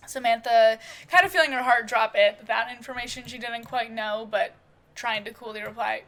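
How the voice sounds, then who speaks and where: A woman's voice: fairly high pitch, steady tone, normal speed, vocal fry, fairly bright tone. A woman narrating a soap-opera story in a loose, rambling way full of "uh" and "kind of". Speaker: storyteller and game player. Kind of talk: casual improvised story narration.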